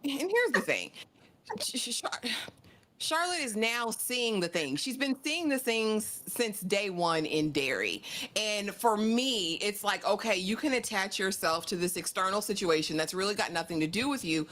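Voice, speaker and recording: Sassy bright-voiced woman recapping TV. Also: medium pitch, moderate pace. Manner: sassy, animated, acts out quoted characters. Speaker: podcast co-host. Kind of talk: casual TV recap chat.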